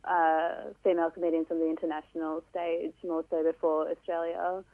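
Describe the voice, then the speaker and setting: A woman's voice: sits low, flat delivery, normal speed, dry recording, narrow, tinny audio. A young woman comedian answering interview questions in a rambling, hesitant way. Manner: rambling, hesitant, many fillers.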